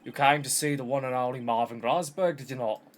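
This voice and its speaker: A man's voice: on the high side, a little slow, creaky. A man voicing a pompous elderly male lawyer in a wobbly mock-Scottish lilt, calling people "boy" and "laddie". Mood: brusque.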